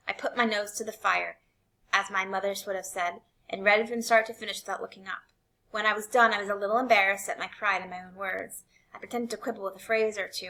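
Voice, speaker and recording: A woman reading a novel aloud in an expressive way, shifting between quiet and intense passages. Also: medium pitch. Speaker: reader.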